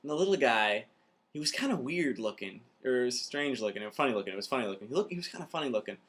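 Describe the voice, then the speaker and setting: A man's voice: mid-range voice, animated, fast, a bit bright. A young man from the Minneapolis area giving a rambling, casual vlog review of a film, full of filler words. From Minneapolis area, USA.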